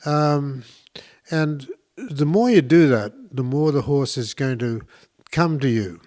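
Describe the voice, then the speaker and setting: A man's voice: medium pitch, expressive, slow, darkish tone. A man hosting a talk show, explaining things in an enthusiastic, rambling way with many fillers and restarts. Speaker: podcast host. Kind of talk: casual instructional talk.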